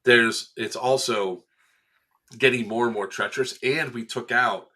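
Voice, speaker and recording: A man chatting casually on a podcast, telling an animated story, acting out quotes and laughing often. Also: medium pitch, unhurried. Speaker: event staff member recounting a game day.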